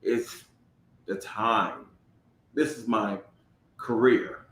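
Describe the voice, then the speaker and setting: A man with a fairly low voice, co-hosting a podcast. He speaks earnestly and reflectively, and often breaks off to gather his thoughts. He sounds like he is in a roomy, echoey room. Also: fairly even intonation, very slow, a bit bright. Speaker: podcast co-host. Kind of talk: casual conversational podcast. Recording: roomy echo.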